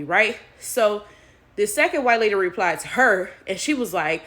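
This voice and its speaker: An American woman talking straight to her viewers in animated, casual commentary. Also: medium pitch, moderate pace. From United States. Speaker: vlogger.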